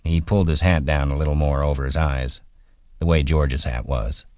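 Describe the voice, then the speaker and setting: Deep-voiced man narrating an audiobook. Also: fairly even intonation, normal speed, darkish tone, no echo, studio quality. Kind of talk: scripted narration. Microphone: close studio mic.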